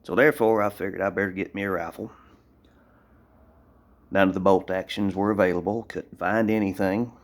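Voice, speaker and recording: Man from Tennessee, very low voice, plainspoken vlogger filming on a phone, rambling and blunt. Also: steady tone, moderate pace, pauses often. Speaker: gun owner vlogger. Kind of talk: casual show-and-tell gun review.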